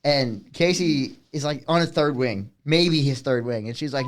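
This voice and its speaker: A man in his twenties co-hosting a podcast, retelling a bar story in animated casual chat with frequent laughs. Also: mid-range voice, moderate pace, a little hiss or hum. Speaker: podcast co-host.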